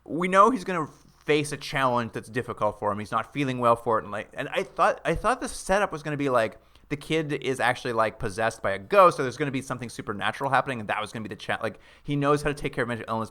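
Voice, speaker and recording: A man co-hosting a casual podcast, recapping a strange TV episode beat by beat. His voice is bright and forward, and his pitch sits in the middle. He slips into quoted lines from the characters and laughs as he goes. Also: expressive, fast. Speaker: podcast co-host.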